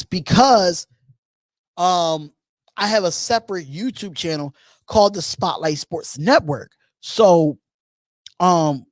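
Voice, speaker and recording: A man's voice: sits high, no echo. A man from Philadelphia hosting a live call-in sports show, chatting loosely and animatedly, repeating himself as he reads and answers viewer comments. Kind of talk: casual live-stream chat.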